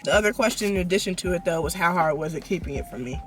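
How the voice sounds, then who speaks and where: A woman's voice: on the low side, rapid-fire, a bit bright, faint music behind. A young woman vlogging from a parked car, chatting in a playful, teasing way. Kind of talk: casual chat.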